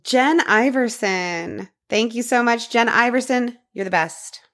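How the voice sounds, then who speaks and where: A woman co-hosting a podcast in casual chat, unhurried and quick to laugh. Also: a little high. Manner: unhurried, lively intonation, laughs easily. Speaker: podcast co-host.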